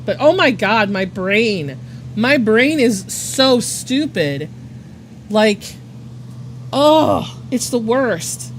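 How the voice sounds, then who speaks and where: A woman's voice: on the high side, expressive, takes it slowly, slight background noise. A woman casually chatting on her art livestream, rambling with lots of fillers, swearing and laughing. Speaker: art streamer.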